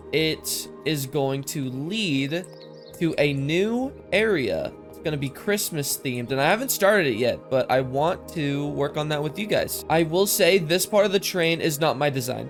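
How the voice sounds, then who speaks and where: A man with a somewhat higher-than-usual voice chats through casual game commentary, rambling and quick to laugh at himself. His microphone's filters give his esses a slight lisp-like hiss, and soft music plays faintly underneath. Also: expressive. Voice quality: lisp-like sibilance from mic filters. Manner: chatty, rambling, easily amused. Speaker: gaming commentator. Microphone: desk mic with processing filters.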